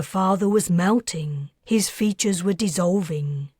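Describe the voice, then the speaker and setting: Woman author reading her novel, slow and measured, dry close sound. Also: lowish voice, warm tone, breathy edge, no echo. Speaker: author narrating. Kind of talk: audiobook narration.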